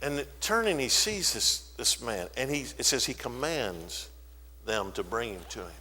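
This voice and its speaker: A man preaching a sermon in a church, telling a Bible story with animated, dramatic delivery and briefly voicing the people in it. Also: medium pitch, unhurried, long reverb tail. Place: church sanctuary.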